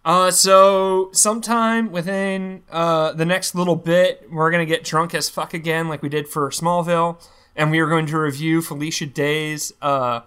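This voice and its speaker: A man with a high, bright, forceful voice co-hosts a casual podcast. He speaks with enthusiasm and drops swear words easily. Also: steady tone, moderate pace, smooth. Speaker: podcast co-host.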